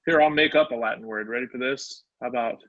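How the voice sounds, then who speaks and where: Sounding out words syllable by syllable, a male instructor teaches a live online class at a quick pace. His mid-range voice is a bit bright, and the recording comes through as dull, lo-fi online call audio.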